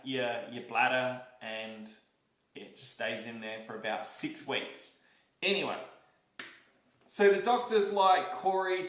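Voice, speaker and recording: A young Australian man vlogging, telling a story to camera in a lively, repetitive way and acting out what people said. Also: mid-range voice. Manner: animated, repeats himself, acts out quotes and demonstrations. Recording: roomy echo.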